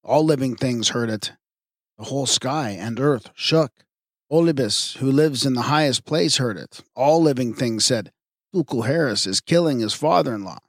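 A man narrating an audiobook of myths in a measured, even reading. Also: mid-range voice, dry recording, studio quality. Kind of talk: scripted narration.

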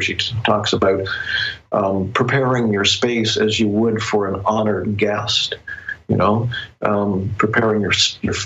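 Thoughtful low-voiced man, dull lo-fi audio. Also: fairly bright tone. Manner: reflective, thoughtful, pauses often to find words. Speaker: author and interview guest. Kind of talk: casual interview conversation.

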